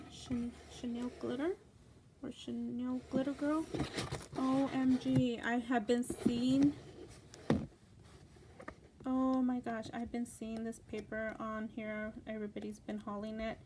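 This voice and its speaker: Gushing craft vlogger woman, noisy room. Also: on the high side. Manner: gushing, excited, gasping exclamations. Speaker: craft channel host. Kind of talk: casual unboxing chat. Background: paper crinkling.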